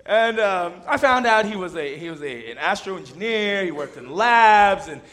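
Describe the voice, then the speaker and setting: Animated male preacher, lively pitch. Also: moderate pace. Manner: animated, expressive storyteller. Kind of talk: storytelling sermon.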